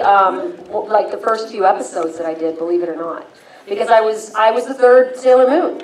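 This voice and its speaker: A woman voice actress on a convention panel, telling self-mocking stories in an animated way. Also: mid-range voice. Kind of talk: casual anecdote to a crowd. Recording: echoey hall, voice from far off.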